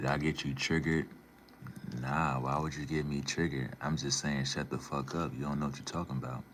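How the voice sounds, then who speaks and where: A man's voice: extremely low pitch, fairly bright tone, a little hiss or hum. A man casually reading and answering his live chat, laid-back and slangy, calling viewers man and bro.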